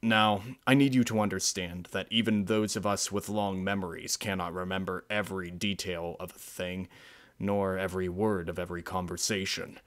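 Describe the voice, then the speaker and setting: A man narrating a dark fan-fiction story in a measured, grave storytelling manner. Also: low-pitched, fairly even intonation. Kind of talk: dramatic fan-fiction reading.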